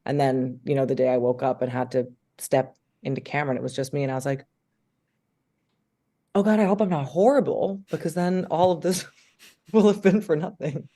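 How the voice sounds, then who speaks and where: A woman, an actress, chatting eagerly as an interview guest, full of filler words and quick asides. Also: a bass voice, fairly even intonation, dark tone. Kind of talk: casual interview chat.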